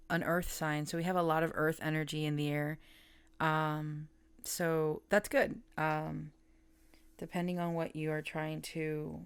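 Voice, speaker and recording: A woman's voice: deep voice, clean tone, no echo. A woman reading tarot in a casual, chatty way, laughing often and trailing off mid-thought. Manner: coos softly at her pet. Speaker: tarot reader.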